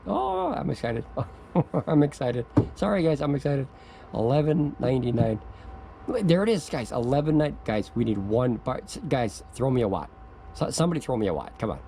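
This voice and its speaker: A man with a gravelly, mellow voice rambles through an off-the-cuff review outdoors, stammering and restarting. He gets giddy and laughs easily. Faint outdoor noise sits behind him. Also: mid-range voice, poor audio. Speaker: product reviewer. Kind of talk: excited off-the-cuff video review.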